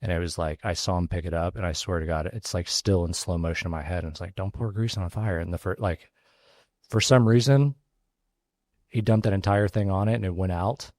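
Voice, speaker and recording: Deep-voiced man telling a story. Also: darkish tone, no echo. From Texas. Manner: casual, halting, many fillers and restarts. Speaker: pitmaster and restaurant owner, guest. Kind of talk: storytelling in a podcast interview.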